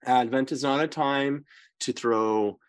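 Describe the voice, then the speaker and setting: Man, priest, informal bible study, emphatic, checks in with listeners, corrects himself mid-sentence, mid-pitched voice. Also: slow pace, smooth. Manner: emphatic, often checks in with "right?" and "okay?". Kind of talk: informal scripture teaching.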